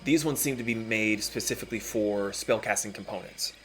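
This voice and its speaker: Low-voiced man running a tabletop game. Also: brisk, slight background noise. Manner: relaxed, descriptive, many fillers. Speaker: dungeon master.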